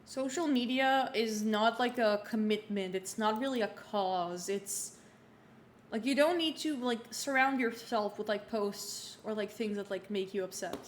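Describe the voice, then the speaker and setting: This twenty-something streamer's voice sits on the high side and moves a little slowly as she chats casually during a livestream, recapping the game and rambling with lots of fillers and restarts. The recording has roomy echo and a faint background hum.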